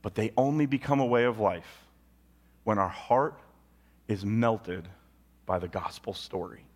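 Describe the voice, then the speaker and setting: A male pastor preaching a sermon, telling a story with big swings from loud and high to low and quiet. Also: a little slow. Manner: animated storytelling with sudden jumps in pitch and volume; drops low and quiet on solemn points.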